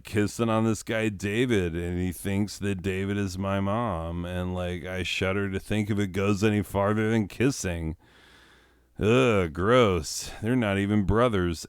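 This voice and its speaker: A man's voice: lowish voice, clear, resonant tone, no room sound, clean studio sound. A man playing a petty, boastful teenage boy witch in a comedic character monologue, rambling with lots of fillers.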